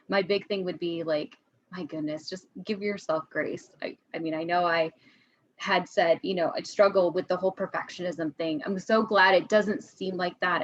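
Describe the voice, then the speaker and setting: A woman's voice: on the low side, a bit bright, dry recording, lo-fi sound. A woman teacher as a podcast guest, speaking candidly and chattily, with frequent restarts. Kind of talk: conversational podcast interview.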